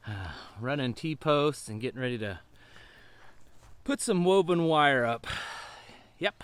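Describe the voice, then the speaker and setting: A winded middle-aged man talks to his camera out in a farm pasture, folksy and rambling. His voice sits at an ordinary middle pitch, heard through a camera mic in the open air. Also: expressive, takes it slowly, fairly bright tone, smooth, dry recording. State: out of breath. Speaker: homestead channel host. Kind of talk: casual outdoor vlog. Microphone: camera mic outdoors.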